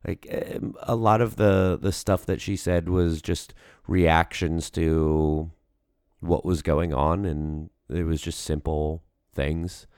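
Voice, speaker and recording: This podcast co-host speaks slowly in a low, steady voice with a darkish, clear, resonant tone. The studio recording is clean, with no room sound. He rambles through casual chat, full of fillers and false starts.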